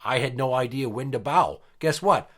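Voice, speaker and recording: A man's voice: mid-range voice, moderate pace, a bit bright. A man in his thirties hosting a podcast, telling stories bluntly and swearing freely in casual chat. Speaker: podcast host.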